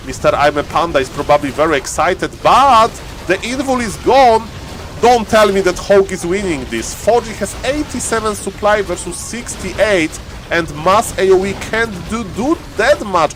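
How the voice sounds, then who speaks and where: Excitable man casting a live game. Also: a little high. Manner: excitable, chatty, laughs often, halting restarts. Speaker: game caster and streamer. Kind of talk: live game commentary on stream.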